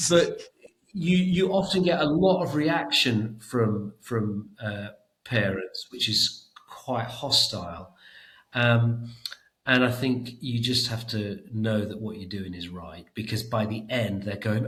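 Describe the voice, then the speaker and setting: A man's voice: medium pitch, a little slow, fairly bright tone, roomy sound, poor audio. A middle-aged man talking emphatically in a podcast interview as a guest, often repeating words as he thinks. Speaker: education trust chief executive, guest.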